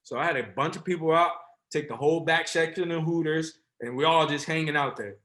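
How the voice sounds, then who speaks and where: Guest, man from NJ, thirties, lively rambling talker, higher voice. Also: fairly quick. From Essex County, New Jersey. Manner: animated, rambling with slang and self-corrections. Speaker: guest, former pro football player. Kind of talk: casual storytelling.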